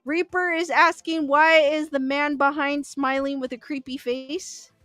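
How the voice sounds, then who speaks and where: Chatty woman livestream host, high and bright, dry close sound with faint music behind, reading chat and musing aloud. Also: fairly even intonation, unhurried, dry recording. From Southern California. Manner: chatty, laughs often, thinks aloud with fillers. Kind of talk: casual live chat.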